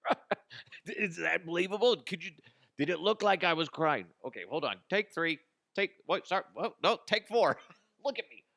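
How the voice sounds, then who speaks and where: A man's voice: high-pitched, animated, normal speed, vocal fry, sharp tone, no room sound, studio quality, pitched above the performer's own voice, full character voice. A man putting on the voice of a self-pitying male CEO rehearsing a tearful speech, whiny and theatrical. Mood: whiny, flustered.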